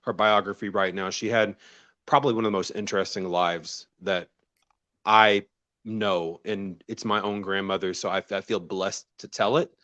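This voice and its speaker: Low-voiced man telling stories, laughing easily. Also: moderate pace, no room sound, highs cut off. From American South. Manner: laughs often, relaxed storytelling. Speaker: guest. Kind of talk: casual conversation.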